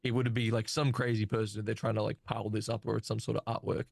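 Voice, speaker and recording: A man's voice: on the low side, little pitch movement, fast talker, creaky, a little mellow, no room sound, clean studio sound. A man narrating as game master of a tabletop game over a voice call, loose and hesitant with many fillers.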